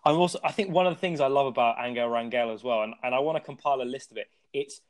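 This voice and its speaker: A man's voice: medium pitch, very fast. A man hosting a football podcast, chatting casually with fillers and frequent laughs. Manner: laughs often, hesitant fillers. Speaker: podcast host.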